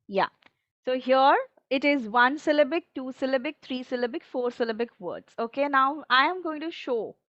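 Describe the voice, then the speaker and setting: A woman's voice: high voice, fairly bright tone, no room sound, highs cut off. A woman training teachers on a video call, patient and encouraging, often checking that everyone follows.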